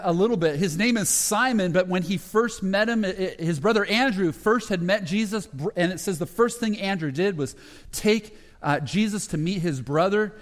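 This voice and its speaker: A pastor preaches a sermon, telling the story conversationally with frequent restarts and dips into lower voices for quotes. The recording has a big-room sound.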